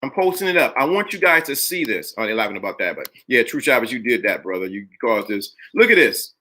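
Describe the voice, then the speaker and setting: A man's voice: mid-range voice, very animated, quick pace, bright, forceful tone. A man hosting a live-streamed talk show, speaking emphatically, greeting chat viewers by name and repeating phrases for effect. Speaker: livestream host.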